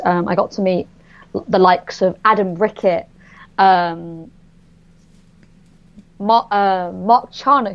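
A woman chatting excitedly on a podcast, full of fillers and restarts. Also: mid-range voice, lo-fi sound. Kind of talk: casual podcast chat.

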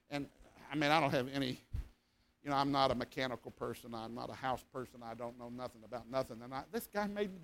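A man, a revival preacher telling a folksy, animated story in a sermon and acting out sounds and voices. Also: high voice.

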